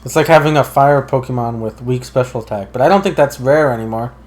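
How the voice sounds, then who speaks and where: A man's voice: mid-range voice, fast talker. A man joking along as a friend plays a video game, full of sarcastic, wry asides. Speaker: let's play co-host. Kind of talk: casual gameplay commentary.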